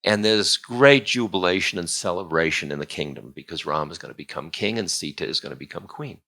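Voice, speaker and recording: A man's voice: low-pitched, animated, brisk, gravelly, bright, forceful tone. A man telling a bedtime story casually, with chatty asides to his listeners.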